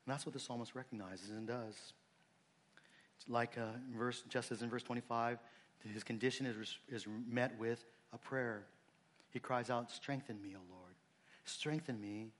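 A man delivers a sermon in an earnest, conversational way, with a voice of ordinary middle pitch. He sinks low and soft on tender points, then climbs higher and louder for emphasis, with casual asides and restarts along the way. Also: fairly even intonation, normal speed. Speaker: pastor.

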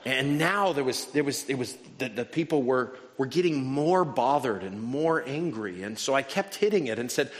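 A man's voice: medium pitch, animated, normal speed, few pauses. A man preaching a sermon in a church, telling a humorous story with wry, self-deprecating asides. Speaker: pastor. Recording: long hall reverb.

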